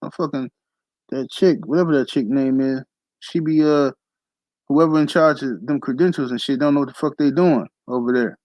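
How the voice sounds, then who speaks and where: A man hosting a casual boxing livestream, ranting fast and animated with heavy profanity and slang. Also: medium pitch, no echo, rough recording. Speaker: boxing talk show host.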